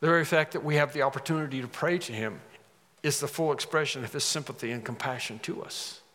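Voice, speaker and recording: A man delivers an expository sermon at a middle pitch, his voice trailing off into the long reverb of a large hall. He builds to sudden, emphatic rises whenever he quotes scripture. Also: fast talker, sharp tone. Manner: expository preaching, dramatic rises when quoting scripture. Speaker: preacher.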